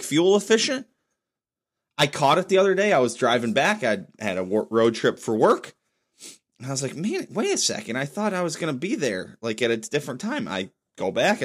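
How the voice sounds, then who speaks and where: A young adult man hosting his own podcast, rambling casually and swearing freely while sipping beer. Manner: rambling, profane, lively pitch swings. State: drinking beer while recording. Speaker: podcast host. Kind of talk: casual solo podcast monologue.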